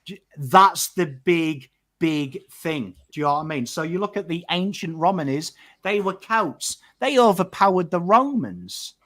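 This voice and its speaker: A man with an English accent hosting a casual podcast chat, animated and swearing freely, often checking in with "right?". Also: fairly high pitch, measured pace. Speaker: podcast host.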